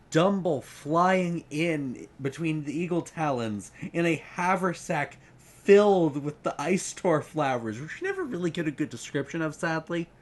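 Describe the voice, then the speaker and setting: Rambling, hesitant man reviewing a book. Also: a little high. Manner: rambling, hesitant, many ums. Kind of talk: casual book retrospective.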